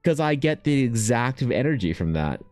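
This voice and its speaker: A young man chatting casually on his art stream, rambling and swearing freely, often mimicking other people in quick high voices. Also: big pitch swings, darkish tone, no room sound, faint music behind. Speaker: artist streaming while painting.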